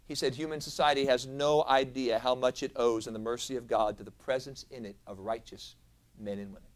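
A man's voice: fairly even intonation, fairly quick. Dynamic male pastor preaching a sermon. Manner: dynamic preacher, swinging from soft lows to loud emphatic peaks. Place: church sanctuary.

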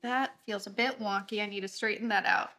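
In her home studio, a chatty woman leads a watercolor painting lesson, often distracted as she works. Her medium-pitched voice is pushed and bright, fairly even in intonation, and a little fast.

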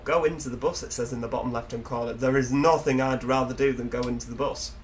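A man's voice: mid-range voice, a little fast, fairly bright tone. A man with a Yorkshire accent giving casual, joking commentary over a driving game and poking fun at himself along the way. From Yorkshire, England. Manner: chatty, jokey, self-mocking asides. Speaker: gaming video host.

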